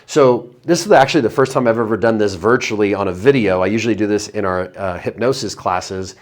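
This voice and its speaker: Man teaching hypnosis in a lowish voice. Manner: drops into slow low trance voice for suggestions; conversational, upbeat between demonstrations. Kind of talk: video lesson with guided breathing demo.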